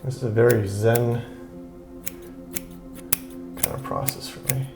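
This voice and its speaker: A man talking through a beard trim in a relaxed, chatty way, with lots of fillers and repeated words. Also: mid-range voice, takes it slowly, echoey room, music in the background. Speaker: beard grooming vlogger. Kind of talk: relaxed how-to talk while trimming.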